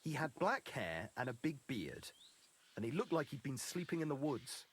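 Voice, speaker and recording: A man's voice: medium pitch, very animated, moderate pace, a bit bright, a little hiss or hum. An actor playing a defensive, brusque male villager in a video game. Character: defensive male villager who bought a horse.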